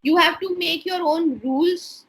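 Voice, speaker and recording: An Indian woman in her thirties, a stem cell researcher, talking earnestly in an interview with many pauses and fillers. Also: extremely high pitch, creaky, a bit bright, low-quality recording. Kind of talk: casual interview talk.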